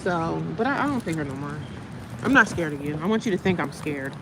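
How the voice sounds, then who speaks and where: A woman with a low voice talks a little fast while live-streaming outdoors in the cold near cars. She chats casually with viewers and herself, getting animated when retelling something, and the phone audio picks up clear street noise.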